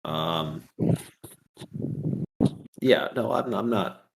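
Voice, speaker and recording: A man taking his turn as a player in a tabletop role-playing game, thinking aloud and pausing often. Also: lowish voice, expressive, gravelly. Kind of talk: casual tabletop play.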